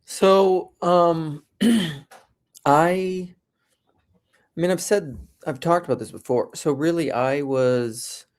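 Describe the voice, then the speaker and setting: A middle-aged man from South Dakota in casual conversation, telling his story in a rambling way and often restarting his sentences. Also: medium pitch. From South Dakota, USA. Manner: rambling, self-interrupting storyteller.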